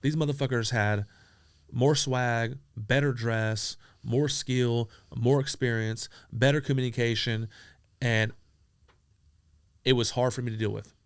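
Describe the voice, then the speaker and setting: A man from San Diego telling profane, animated stories as an interview guest, acting out the dialogue he quotes. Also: mid-range voice, measured pace, clear, resonant tone, no room sound, studio quality. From San Diego, USA. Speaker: entrepreneur guest. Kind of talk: casual storytelling interview.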